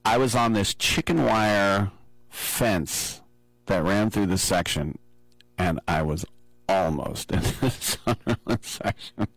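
A man casually telling a lively personal story on a podcast, acting out the quotes. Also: fairly low pitch, takes it slowly, dry recording, poor audio. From from abroad, flew in to see matches. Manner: animated anecdote-telling with acted-out quotes.

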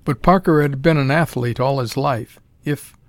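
A man narrates a pulp story in a measured, dramatic way. His voice sits at a middling pitch, and the recording is dry and close with no room sound. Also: dry recording. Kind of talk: scripted audiobook narration.

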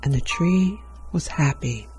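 A woman reading a storybook aloud in a gentle storytelling manner. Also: sits low, expressive, measured pace, soft background music.

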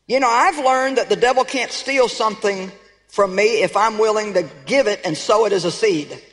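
A woman's voice: medium pitch, normal speed. Emphatic woman preacher in a reverberant hall. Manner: emphatic, rallying the congregation with call-outs. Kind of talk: sermon. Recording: echoey hall with long reverb.

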